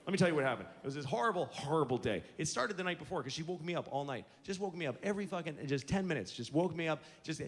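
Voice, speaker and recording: A man's voice: a little high, lively intonation, racing, few pauses, in a large hall. A man in his forties telling exasperated, self-mocking stand-up stories on stage. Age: 40s. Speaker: stand-up comedian. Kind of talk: stand-up comedy storytelling.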